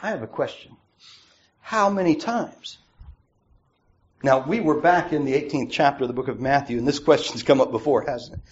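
A man preaching a sermon to his congregation, swinging between loud emphatic peaks and quiet asides. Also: mid-range voice, fast, few pauses, slight background noise. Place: church. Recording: dull lo-fi church recording.

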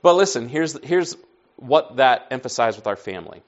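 A man preaches in a loose, conversational storytelling style. He acts out bits of dialogue and often drops to a soft aside. His voice is mid-pitched, and the recording sounds a little dull. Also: expressive, moderate pace. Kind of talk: storytelling sermon.

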